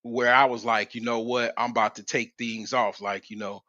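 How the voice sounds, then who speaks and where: Bright-voiced rambling man on stream. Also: medium pitch, level tone, normal speed, no room sound. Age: 40s. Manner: rambling, slangy and profane, with many restarts. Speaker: livestream host. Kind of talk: casual storytelling on a livestream. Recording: slightly dull, dry lo-fi mic.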